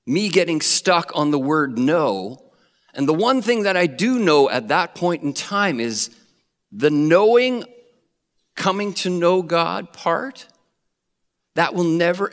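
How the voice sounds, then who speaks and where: A male preacher telling a Bible story with animated flair, acting out the voices. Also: on the high side. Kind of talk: sermon. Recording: long reverb of a hall.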